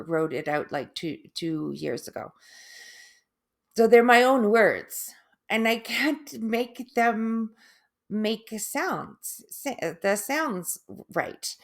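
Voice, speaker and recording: A middle-aged woman talking in a casual personal video, halting, with restarts, long pauses and drawn-out, oddly stressed syllables. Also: medium pitch. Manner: laughs softly at herself. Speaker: vlogger sharing her stroke recovery.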